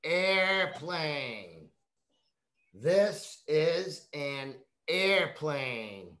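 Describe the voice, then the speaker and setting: A woman teaching young children, reading a picture book aloud in a slow, coaxing way and prompting them to repeat words. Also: low-pitched, big pitch swings, a bit bright. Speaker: kindergarten teacher.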